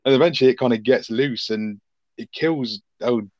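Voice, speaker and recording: A man's voice: mid-range voice, moderate pace, dry recording, muffled recording. A man co-hosting a podcast, rambling and swearing cheerfully as he recaps a film. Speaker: podcast co-host. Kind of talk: casual film review chat.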